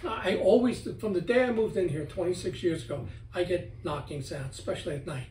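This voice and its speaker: A middle-aged man with a high voice speaks fairly quickly as a guest author in a casual interview at home, animatedly telling stories and acting out his own words. The recording is roomy and distant, with faint ambience and slight background noise.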